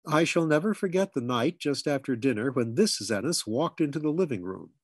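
A man reading a humorous memoir aloud with dry, measured storytelling. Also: mid-range voice, expressive, husky, no echo. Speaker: audiobook reader.

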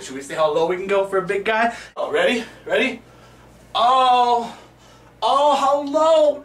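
Casting: playful, animated guy with a high voice, recorded some distance from the camera mic. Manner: animated and playful, hyping himself up to viewers. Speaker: vlogger. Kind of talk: casual vlog to the camera. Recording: echoey room, camera at a distance.

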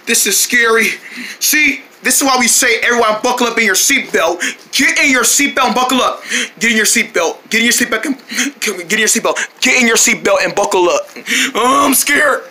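A woman playing out a silly toy road-trip scene, switching quickly between many character voices with shouts and squeals. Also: fairly high pitch, animated. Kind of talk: playful toy role-play with many voices.

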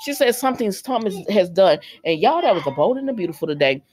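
A woman hosts a casual recap video. She retells each scene in a loose, chatty way, slipping into quick quoted voices. Sassy asides to her viewers keep breaking into the story. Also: mid-range voice, sing-song, darkish tone. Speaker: soap opera recap host.

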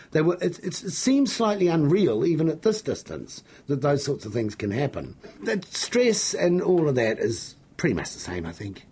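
Middle-aged kiwi guy, gravelly husky voice, swoops up and down a lot, rambly jokey interview guest. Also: medium pitch. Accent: New Zealand. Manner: excitable, jokey, rambling with many restarts. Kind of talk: animated storytelling in an interview.

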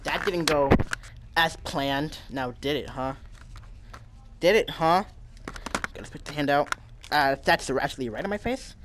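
A young man giving casual let's-play commentary while playing a VR game, reacting with loud exclamations. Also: on the high side, a little slow, pauses often. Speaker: gamer playing VR with a friend. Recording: noisy with game gunfire behind.

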